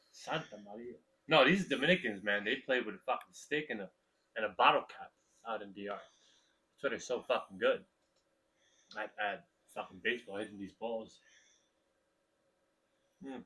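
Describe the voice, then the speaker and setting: A man's voice: lowish voice, moderate pace, pauses often, bright, forceful tone, rough recording. A man co-hosting a podcast, laid-back in casual chat, giving short agreeing replies and swearing. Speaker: podcast co-host.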